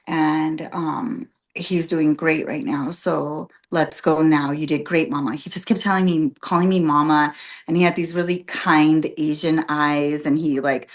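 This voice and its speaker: A woman's voice: low-pitched, steady tone, unhurried. A woman guest on a podcast telling her birth story in casual chat, with many fillers like "like" and "um", acting out what others said. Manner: chatty, full of "like" and "um", acts out quoted voices.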